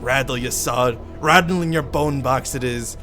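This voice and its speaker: A man's voice: mid-range voice, measured pace, over music, natural voice. A man reading a scornful young woman's lines in a put-on Irish accent, throwing slangy insults at a thug. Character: scornful Irish female tiefling thief.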